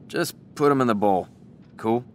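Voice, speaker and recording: An actor playing a tired, gruff father, with offhand, mumbled video game dialogue. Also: medium pitch, moderate pace, darkish tone, a little hiss or hum, lightly acted. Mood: weary. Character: weary middle-aged father, gruff and tired.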